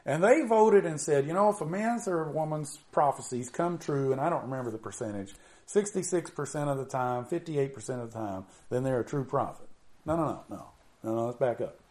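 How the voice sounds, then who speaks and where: A middle-aged man preaching an informal sermon in a conversational way, with drawn-out emphasis and many "you know"s. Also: medium pitch, lively intonation, a little mellow.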